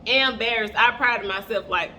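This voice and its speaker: Young woman spilling a storytime, bright voice, keeps saying y'all, earbud mic, light hiss. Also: a little high, normal speed. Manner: animated, keeps addressing the audience as "y'all". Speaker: vlogger. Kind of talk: casual storytime chat while doing makeup.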